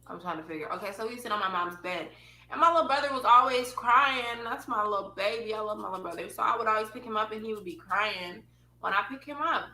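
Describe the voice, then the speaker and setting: A woman's voice: mid-range voice, fast talker, sharp tone, reverberant, slight background noise, poor audio. A young woman telling a personal story in a frank, casual way, swearing freely and laughing as she goes.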